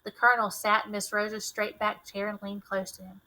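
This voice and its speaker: Bright-voiced woman teacher reading aloud. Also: medium pitch, rough recording. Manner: clear, measured, expressive reading.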